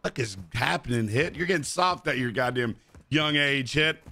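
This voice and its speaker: A man streaming a game and chatting casually with viewers, crude and joking, sometimes breaking into loud high-pitched bits. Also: normal speed. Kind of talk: casual live-stream banter.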